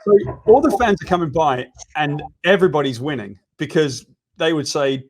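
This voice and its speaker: A man's voice: fairly high pitch, moderate pace. A British man co-hosting a casual chat, telling a self-deprecating anecdote and acting out the lines of the people in it. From Britain. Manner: animated, self-deprecating storyteller who acts out quoted lines. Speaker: co-host.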